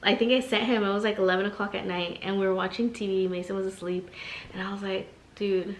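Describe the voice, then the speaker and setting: A woman's voice: medium pitch, fairly even intonation, fast. A young pregnant woman chatting casually in a vlog, telling stories full of "like" fillers. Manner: chatty, storytelling, many "like" fillers. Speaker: vlogger. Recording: echoey room.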